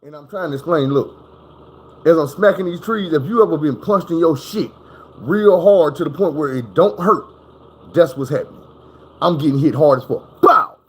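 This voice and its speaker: A man with a fairly high, slightly rough voice and a moderate pace shares a personal story at home. The telling is casual and full of profanity, and he vividly acts out crashes and noises.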